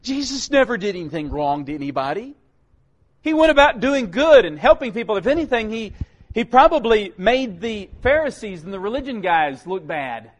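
A man preaching a sermon, swinging from loud emphatic calls down to low, quiet lines. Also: big pitch swings, normal speed.

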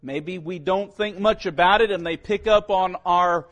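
A man's voice: high voice, a little slow, a bit bright, highs cut off. A man giving an earnest sermon-style talk to parents. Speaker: speaker addressing parents.

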